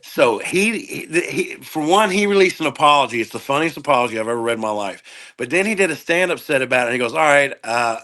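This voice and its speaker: A man guesting on a podcast, telling profane, animated stories and doing quick impressions of people in casual chat. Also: mid-range voice. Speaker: guest comedian.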